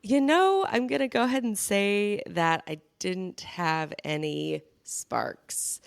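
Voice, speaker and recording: Woman, podcast co-host, bubbly storyteller, gravelly voice, dry close mic. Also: medium pitch, big pitch swings, unhurried, no room sound. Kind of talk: casual chat.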